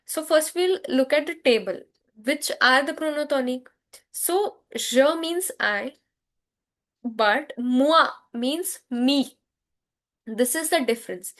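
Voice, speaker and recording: Woman, Indian English accent, high voice, French teacher, slow repeat-after-me drilling. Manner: slow, repetitive drilling with call-and-response. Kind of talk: grammar lesson for students.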